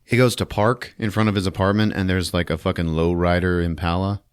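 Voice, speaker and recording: A man's voice: low-pitched, fairly even intonation, a little fast, smooth, no room sound, studio quality. A man hosting a podcast, recapping a movie in a casual, profane, laughing storytelling style. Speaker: podcast host.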